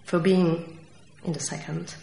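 A woman's voice: lowish voice, little pitch movement, gravelly, warm tone. Central Eastern European woman reading poetry. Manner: slow, measured reading with dramatic stresses. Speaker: poet. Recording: echoey room with faint noise.

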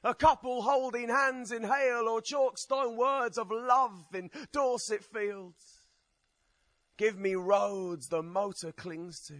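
A man reciting a poem slowly and passionately, with a strong rhythm. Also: very high-pitched, a bit bright, dry recording. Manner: drawn-out, impassioned, rhythmic. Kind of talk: slow dramatic poetry recital.

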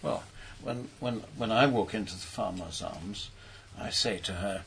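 A man's voice: lowish voice, measured pace, vocal fry, fairly bright tone, slight background noise, rough recording. An older man, a poet on a panel, telling anecdotes in a hesitant way and repeating his words. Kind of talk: casual panel discussion.

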